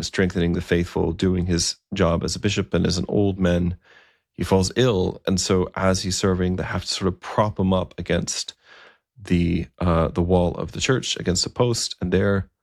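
Relaxed and conversational, a man recounts a historical story, now and then stopping on fillers. His voice is very low and gravelly, recorded close and dry with no surrounding room sound.

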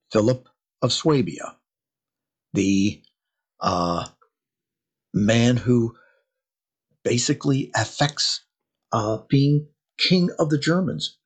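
Slow, husky male history lecturer. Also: fairly low pitch. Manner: storytelling with rhetorical questions and dramatic emphasis.

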